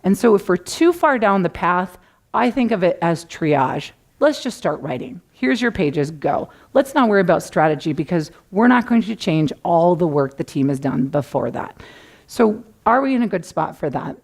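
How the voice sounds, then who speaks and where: Lively woman giving a conference talk. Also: fairly low pitch, moderate pace, vocal fry. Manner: animated, acts out clients' panicked voices. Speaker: conference speaker. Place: conference room.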